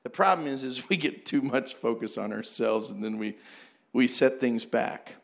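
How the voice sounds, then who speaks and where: A man preaching a sermon, animated and joking, acting out prayers as he teaches. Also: medium pitch, normal speed, gravelly. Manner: animated, jokes and acts out prayers. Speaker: pastor.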